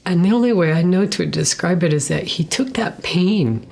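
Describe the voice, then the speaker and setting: A middle-aged woman's gravelly, darkish voice, fairly low in pitch with lively intonation, carries her earnest personal testimony. She is a guest telling her story conversationally and with emotion, performing her own and others' words with pauses and the occasional whisper.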